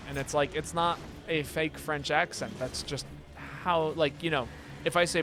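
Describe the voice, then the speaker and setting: A man's voice: on the high side, moderate pace, a bit bright, a little hiss or hum. A man streaming a game and chatting casually, rambling with lots of restarts and filler phrases. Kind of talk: casual chat while gaming.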